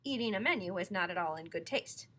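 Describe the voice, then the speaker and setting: A woman's voice: fairly low pitch, animated, fast, bright, forceful tone. A woman voicing a fussy male waiter in a fancy restaurant, speaking in a prim, flustered way.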